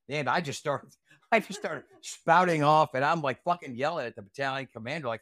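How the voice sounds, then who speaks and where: A man's voice: fairly high pitch, a little fast, fairly bright tone, no echo, clean studio sound. A man recounting a night from his Army days as an interview guest, blunt, profane and heated. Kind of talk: casual storytelling interview.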